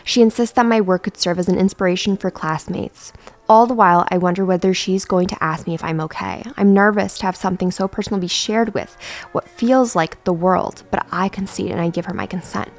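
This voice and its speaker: A woman's voice: fairly low pitch, steady tone, a little fast, soft background music. A young woman YouTuber reading passages from a memoir aloud and commenting candidly between them. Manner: candid, swears casually.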